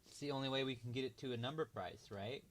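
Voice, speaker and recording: A man's voice: medium pitch, quick pace, slight background noise. A man hosting a casual livestream, thinking aloud with hesitant, trailing remarks as he marks up a chart. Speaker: livestream host.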